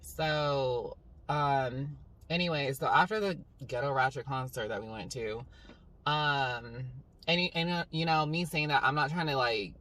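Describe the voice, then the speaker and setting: A young woman telling a story to camera in a casual, rambling vlog style, full of "like" and "um". She tells it in an animated, dramatic way. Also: extremely low pitch, unhurried. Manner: rambling, filler-heavy, with 'like' and 'um'. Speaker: vlogger. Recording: slightly distant mic, faint background hum.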